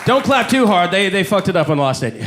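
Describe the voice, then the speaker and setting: A brash comedian in his forties tells profane stories on stage at a comedy club. His voice sits high for a man. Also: very animated, fast, crowd noise, background noise. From Canada. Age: 40s. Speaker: stand-up comedian. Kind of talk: live stand-up set.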